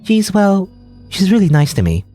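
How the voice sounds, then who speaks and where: A man's voice: sits high, wildly swooping pitch, moderate pace, mellow, faint music behind, voice pushed up, full character voice. A man voicing a devoted teenage girlfriend who gushes affectionately, with a creepy edge, while reading a game aloud. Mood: sweet.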